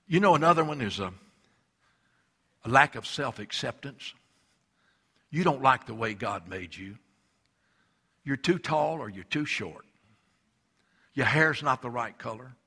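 A man's voice: medium pitch, animated, unhurried, pauses often, pushed and bright, husky. A male pastor preaching a sermon, emphatic and repetitive, acting out quoted voices.

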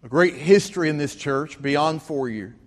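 A man's voice: a little high, normal speed, in a large hall. A man, preaching a sermon as pastor, telling stories with rising emphasis. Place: church sanctuary.

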